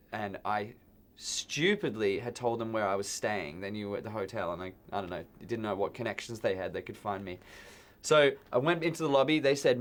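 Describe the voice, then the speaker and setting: Aussie guy telling a crazy story, mid pitch, jumps into voices for the other people, trips over his words. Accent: Australian. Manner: animated storytelling, acts out quoted voices, stumbles and repeats words. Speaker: band member guest programmer. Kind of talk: casual anecdote telling.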